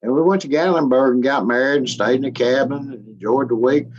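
A man's voice: medium pitch, fairly quick, a little mellow. Folksy man, chuckling storyteller. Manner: folksy, chuckling, gets emotional. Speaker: interviewee. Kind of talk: casual storytelling. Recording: slightly muffled recording.

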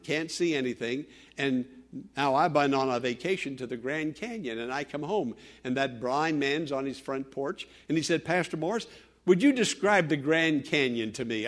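An older man preaching a sermon as pastor, emphatic, with loud declarations that drop to hushed storytelling. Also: fairly high pitch.

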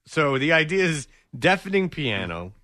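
Mocking radio host, lively voice. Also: male voice, fairly high pitch, normal speed, slight background noise. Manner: mocking, laughs often. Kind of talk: joking talk radio banter.

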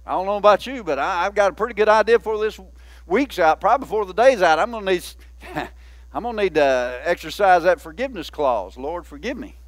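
A man's voice: high voice, expressive, fast, no echo. A man, a pastor, preaching a sermon in a folksy, conversational way with many asides to the church.

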